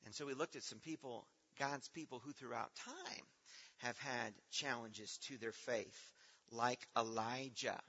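A man's voice: medium pitch, a little slow, pushed and bright, slightly rough. A man leading a children's Bible program in a church hall, quizzing the kids and praising their answers. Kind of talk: teaching children in a church assembly. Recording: reverberant hall, dull lo-fi sound.

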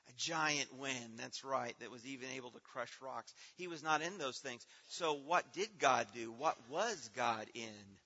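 At a measured pace with few pauses, a man in a church hall quizzes children during a Bible program and praises their answers. His mid-range voice is bright, forceful and slightly rough, and the recording is dull and lo-fi with hall reverb.

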